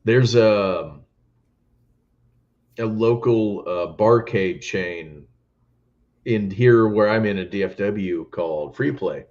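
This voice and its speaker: A man's voice: lowish voice, takes it slowly, long pauses, dull audio. A man hosting a podcast, telling stories in casual chat and laughing often. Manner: animated storytelling, laughs often. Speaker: podcast host.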